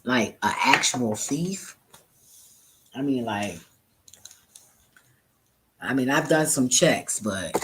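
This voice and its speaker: A woman's voice: extremely low pitch, breathy edge. A woman vlogger casually retelling a story to her viewers, profane and exasperated, often laughing.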